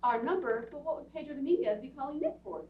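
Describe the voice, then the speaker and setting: A woman playing an excitable young society wife in a radio play, breathless and emotional. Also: high voice, fast talker. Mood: anxious. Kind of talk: community radio theatre acting. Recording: echoey hall, far from mic, muffled.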